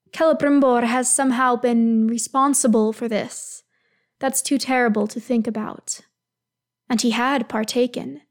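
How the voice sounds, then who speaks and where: A woman calmly reading fan fiction aloud, telling the story in an even voice. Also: high-pitched. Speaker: reader.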